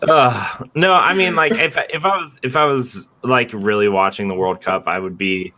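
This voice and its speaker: A man's voice: mid-range voice, moderate pace, bright, forceful tone. A young man co-hosting a casual podcast, rambling with many restarts. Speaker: podcast co-host. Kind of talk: casual chat.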